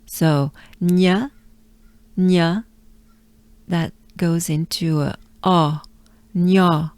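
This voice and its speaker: French woman drilling slow pronunciation. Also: on the low side, dry recording. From France. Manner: slow exaggerated drilling of sounds, with soft asides. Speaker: pronunciation coach. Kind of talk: pronunciation lesson. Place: outdoors.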